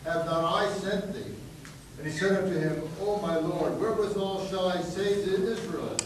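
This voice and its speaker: A man reading scripture aloud in a steady, measured way. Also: high voice. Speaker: scripture reader. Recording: distant echoey noisy room mic.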